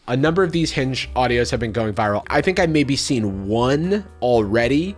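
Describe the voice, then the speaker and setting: A man hosting a casual reaction video, wry and animated. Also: mid-range voice. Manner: wry, animated, mocking quotes. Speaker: YouTube host.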